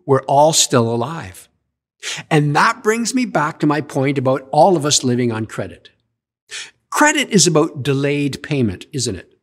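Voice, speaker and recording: A man preaching a sermon in an animated way, asking his listeners questions as he goes. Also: on the high side. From Canada. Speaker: pastor.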